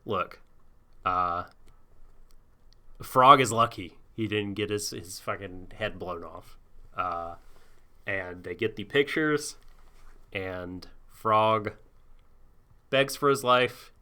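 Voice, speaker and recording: A man's voice: fairly low pitch, takes it slowly, long pauses, pushed and bright. A man co-hosting a casual anime podcast, recapping scenes in a rambling way with fillers. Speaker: podcast co-host.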